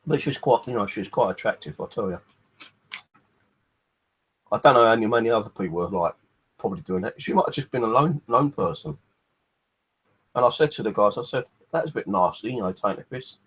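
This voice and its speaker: A man's voice: lowish voice, expressive, a little fast, long pauses, a bit bright, breathy edge. A man rambling in a casual vlog, swearing freely and padding his talk with fillers, hot and thirsty. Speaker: vlogger.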